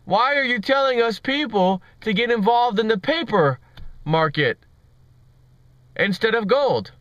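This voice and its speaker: A man putting on an Indian accent to voice a man questioning a minister from the crowd, slow and pointed. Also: high-pitched, lively intonation, fairly bright tone, dry recording, lo-fi sound, pitched above the performer's own voice. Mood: earnest questioning. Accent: put-on Indian accent.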